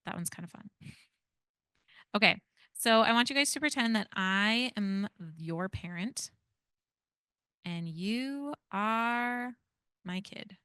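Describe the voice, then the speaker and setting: A woman's voice: medium pitch, animated, takes it slowly, pauses often, pushed and bright, smooth, no echo. A woman in her thirties leading an interactive parenting workshop in a casual, chatty way, often adding "like" and "right?". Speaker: parenting educator leading a training.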